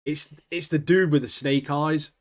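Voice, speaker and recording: A man's voice: fairly high pitch, steady tone, a little slow, a crowd in the background. A man co-hosting a podcast, chatting casually and laughing often. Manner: laughing, slangy, says "mate" a lot. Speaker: podcast co-host. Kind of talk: casual chat.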